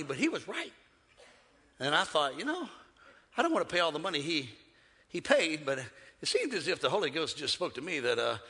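A man preaching a sermon in a church, joking with the congregation and swinging between shouting and hushed asides. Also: on the high side, breathy edge, big-room sound. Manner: humorous, conversational preaching. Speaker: pastor. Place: church sanctuary.

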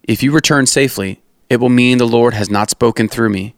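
A man's voice: mid-range voice, brisk, no echo, studio quality, natural voice. A man reading aloud, playing a firm, defiant prophet in a scripture reading. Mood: solemn. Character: steadfast, defiant male prophet.

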